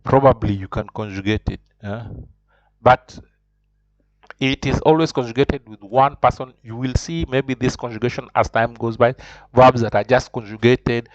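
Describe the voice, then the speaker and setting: A man's voice: mid-range voice, fairly even intonation, normal speed, no echo. Emphatic man teaching a language lesson, dull sound. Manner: emphatic and repetitive, checks in with "huh?". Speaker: French teacher. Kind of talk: language lesson with repetition drills.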